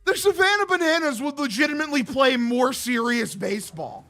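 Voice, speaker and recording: A man ranting sarcastically on a live stream, laughing and swearing, now and then bursting into shouts. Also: very high-pitched, lively intonation, normal speed. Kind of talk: live-stream reaction rant.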